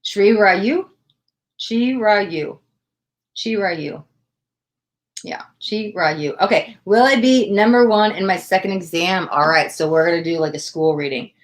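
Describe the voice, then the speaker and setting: A woman's voice: lowish voice, moderate pace. A woman from the United States hosting a livestream tarot reading, gushing with thanks and chatting casually with lots of "like" and "oh my God.".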